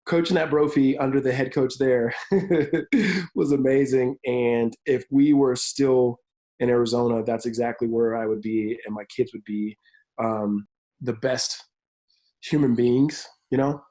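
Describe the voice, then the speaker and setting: A man in his thirties, a football coach and pastor, telling his story in an energetic interview, speeding up in quick bursts. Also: medium pitch, poor audio. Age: 30s. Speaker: college football analyst and pastor. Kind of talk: remote interview.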